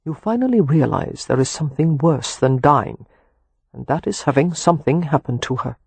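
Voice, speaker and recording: A man's voice: fairly high pitch, expressive, moderate pace, gravelly, darkish tone, husky, dry recording, exaggerated voice. A man reading an audiobook, voicing a weary, protective young husband who talks earnestly with a wry edge.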